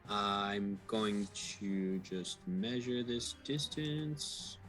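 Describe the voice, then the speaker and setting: A man's voice: on the low side, expressive, drawn-out words, fairly bright tone, soft background music. A man playing a tabletop game, talking in a casual, playful way about his character's moves. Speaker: player.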